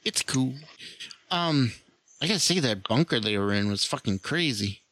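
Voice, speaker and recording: A man's voice: mid-range voice, animated, moderate pace, fairly bright tone. A man in a casual film discussion, laid-back, mostly giving short agreeing replies with some casual swearing.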